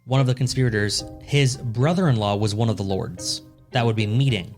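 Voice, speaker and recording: Over soft background music, a male podcast co-host tells a history story in a loose, joking way, swearing freely in casual storytelling chat. His mid-range voice is a little mellow and moves a bit fast.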